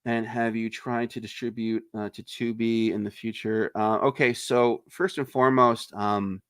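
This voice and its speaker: A man's voice: lowish voice, moderate pace, clear, resonant tone, dry recording, studio quality. A man, an indie filmmaker, chatting casually and ranting with plenty of swearing, sometimes acting out quoted lines in a raised voice. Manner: ranting, profane, animated. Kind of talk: casual livestream chat.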